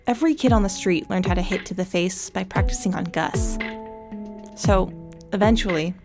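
A woman giving scripted narration in a measured, even way. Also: mid-range voice. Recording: music bed underneath.

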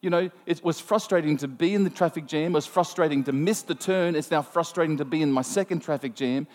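Animated preacher in a reverberant hall. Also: male voice, on the high side, a little fast. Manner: storytelling, animated, self-mocking asides. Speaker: pastor. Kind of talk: sermon.

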